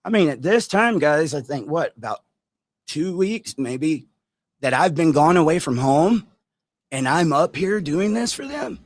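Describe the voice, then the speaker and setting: A man vlogging a story to his viewers, animated and direct, acting out quotes as he goes. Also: fairly high pitch, measured pace, no room sound. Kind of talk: storytime vlog.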